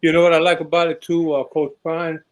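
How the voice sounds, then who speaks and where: A man on a video call chatting casually about football, relaxed and musing, often saying "you know". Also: on the high side, a little fast. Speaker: show panelist. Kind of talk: casual sports chat.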